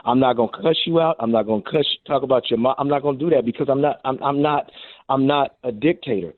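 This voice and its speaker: Over a tinny phone line, a former pro receiver turned coach tells stories during a casual radio interview. His mid-range voice moves fast with no echo, and he's an animated storyteller who acts out the quotes.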